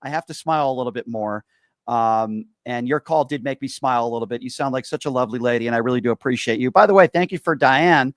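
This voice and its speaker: A man's voice: mid-range voice, fast, no echo, clean studio sound. Reassuring male talk-show host. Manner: reassuring, earnest, encouraging.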